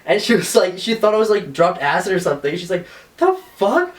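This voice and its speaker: This podcast co-host swears constantly and acts out stories with put-on voices during casual conversation. His voice is high and fast, and he sounds distant from the mic.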